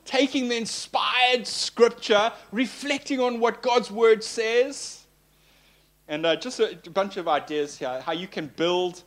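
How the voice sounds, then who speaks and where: A man teaching in a sermon, animated and playful, repeating phrases for emphasis. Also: high voice, unhurried. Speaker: pastor.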